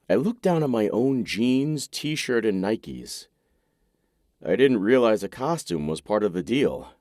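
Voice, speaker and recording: Low, slow-spoken male audiobook narrator. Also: big pitch swings, darkish tone, dry recording, clean studio sound. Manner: wry, intimate, low-key. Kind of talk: first-person romance narration.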